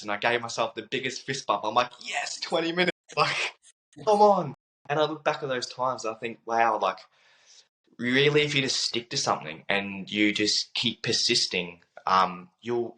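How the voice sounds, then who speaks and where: A man's voice: fairly low pitch, sharp tone, poor audio. A young man telling a personal story as an interview guest, earnest and reflective, repeating phrases and using many fillers.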